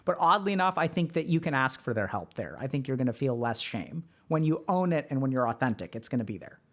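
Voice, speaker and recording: A man's voice: medium pitch, animated, quick pace. Emphatic man giving casual advice. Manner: emphatic, many "like" fillers, acts out quoted people. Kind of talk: casual advice talk to a live chat.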